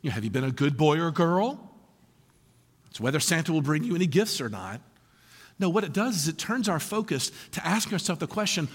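A male pastor preaching a sermon in a conversational, animated way, asking his listeners many questions. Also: a little high, brisk, breathy edge, in a large hall.

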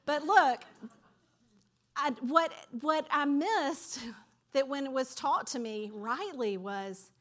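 A woman teaching from a Bible passage in a lively, conversational storytelling manner. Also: sits high, slow.

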